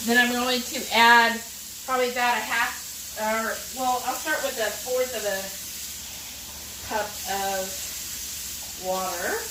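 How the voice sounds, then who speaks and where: Woman, cooking vlog host, animated storyteller, slightly high voice, roomy kitchen sound, off-mic. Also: slow, pauses often, noisy background. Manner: animated, addresses viewers directly. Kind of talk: chatty storytelling while cooking. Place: home kitchen. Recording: roomy kitchen, mic at a distance, faint sizzling.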